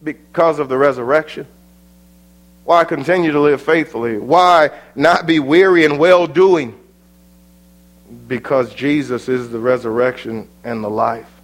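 A man preaching a sermon, rising to loud, fervent exhortation and then dropping to a hushed, quiet delivery. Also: medium pitch, unhurried.

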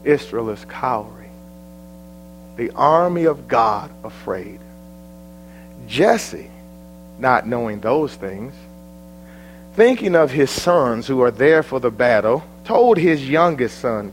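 A man's voice: medium pitch, sing-song, slow, pauses often, faint music behind, poor audio. A man with an American accent preaching a sermon, telling the story in a dramatic, folksy way.

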